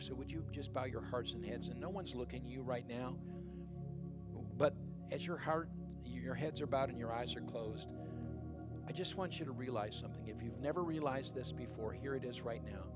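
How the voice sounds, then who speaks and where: With a medium-pitched voice, this pastor preaches conversationally, weaving in stories and addressing the congregation head-on. His voice softens to a hush as he calls the people to prayer.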